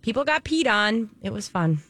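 A woman's voice: a little high, very animated, normal speed, a bit bright, no room sound. A woman co-hosting a radio show, chatting enthusiastically with her colleagues. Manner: enthusiastic, agreeable. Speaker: radio co-host. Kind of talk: casual chat.

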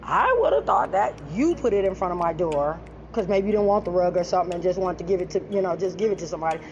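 A woman telling a story in a loud, profane, animated rant. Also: lowish voice, quick pace, dull audio, a little hiss or hum. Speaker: storyteller vlogger.

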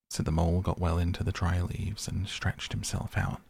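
A man gently reading a classic novel aloud as a softly spoken bedtime story to help listeners sleep. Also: sits low, little pitch movement, creaky, slightly rough, dry recording. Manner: slow, gentle and soothing. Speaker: podcast host and audiobook reader.

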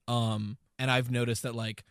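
A man's voice: mid-range voice, level tone, normal speed, a bit bright, clean tone, no room sound, studio quality. A man hosting a podcast, explaining things in a loose, rambling casual chat with lots of fillers. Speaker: podcast host.

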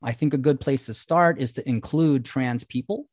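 A man's voice: mid-range voice, normal speed, a little mellow, no echo, clean studio sound. A man co-hosting a podcast who reads listener mail aloud and then explains his view at length, in casual talk. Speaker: podcast co-host.

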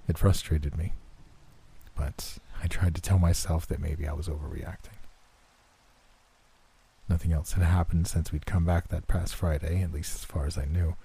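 A man narrating a first-person horror story in a steady, measured, subdued way. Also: sits low, vocal fry, slightly rough.

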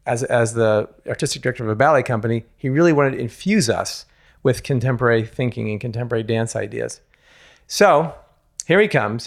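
A man, a former ballet dancer, telling a candid personal story in an interview, frank and self-mocking, with casual swearing and many restarts. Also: medium pitch.

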